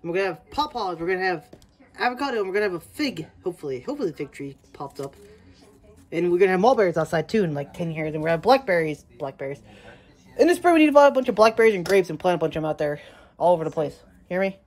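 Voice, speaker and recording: Fast-talking rambling woman vlogger. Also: lowish voice. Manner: excitable, rambling, chatty with pets. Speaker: daily vlogger. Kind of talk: casual rambling vlog chat. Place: at home, yard and indoors.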